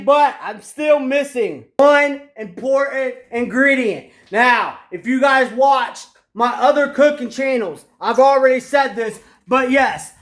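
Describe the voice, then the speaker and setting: High-voiced man hosting a cooking vlog. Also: fairly bright tone. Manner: chatty, addresses viewers directly. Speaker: cooking channel host.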